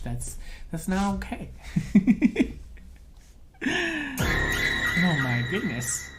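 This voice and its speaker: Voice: medium pitch, wildly swooping pitch, extremely slow, long pauses, fairly bright tone, faint music behind. A livestreamer chatting casually with viewers in a giggly, playful way. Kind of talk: casual live-stream chat.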